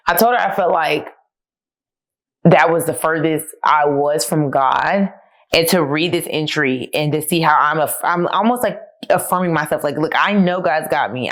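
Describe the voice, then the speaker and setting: Low-voiced woman, candid podcast host. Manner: candid and conversational, addressing listeners as y'all; emotional, close to tears, with laughs. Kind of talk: solo podcast, reading and reflecting on old journal entries.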